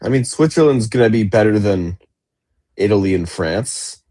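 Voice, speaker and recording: A man's voice: on the low side, lively intonation, moderate pace, warm tone, dry recording, studio quality. A young man co-hosting a casual sports podcast, talking in a chatty way and often restarting his sentences. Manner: chatty, with frequent restarts and fillers. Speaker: podcast co-host. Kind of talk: casual chat.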